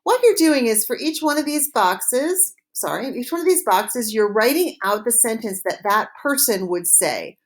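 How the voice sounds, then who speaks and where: A woman teaching a recorded French lesson, modeling phrases slowly and clearly for students to repeat. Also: on the high side, expressive.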